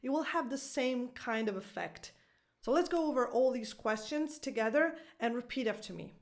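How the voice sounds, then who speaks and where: A woman's voice: fairly high pitch, lively intonation, normal speed. A woman in her thirties, a native Italian speaker, teaching English pronunciation and stressing example phrases with an exaggerated sing-song. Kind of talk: pronunciation lesson to camera.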